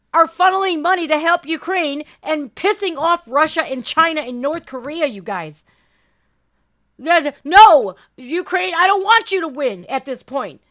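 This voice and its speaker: A woman's voice: sits high, bright, forceful tone. A woman hosting a reaction video, talking back to clips in an exasperated, heated way.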